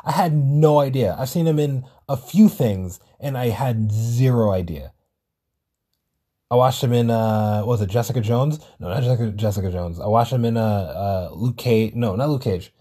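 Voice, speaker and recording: A man's voice: mid-range voice, normal speed, mellow, husky. A man hosting a solo podcast, talking in a rambling casual way, swearing and correcting himself often. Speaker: podcast host.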